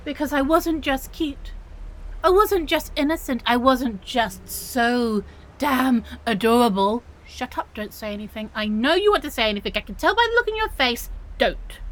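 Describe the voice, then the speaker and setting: A high, bouncy voice swooping all over the place: a woman doing a young female otter-girl supervillain, prickly and defensive. She splutters indignant protests and stumbles over her own denials, talking straight to the listener in an audio role-play. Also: expressive, moderate pace, rough recording. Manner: indignant, flustered, protests too much and stumbles over words.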